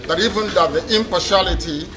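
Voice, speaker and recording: A man's voice: high voice, fast talker. A man speaking in a courtroom in a heated protest, repeating his demands insistently. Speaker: defendant addressing a court. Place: crowded courtroom. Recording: echoey room, mic far off, crowd noise.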